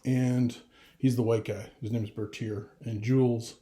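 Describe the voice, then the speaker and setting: Middle-aged dad rambling on camera, gets choked up, roomy echo. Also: male voice, medium pitch, flat delivery, measured pace, dark tone. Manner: rambling, restarts often, gets emotional. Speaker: vlogger. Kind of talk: casual chat to camera.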